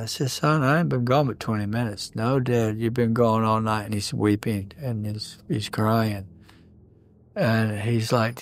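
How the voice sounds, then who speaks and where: A man's voice: medium pitch, moderate pace. A man recounting an encounter in a documentary interview, storytelling and acting out the dialogue he quotes.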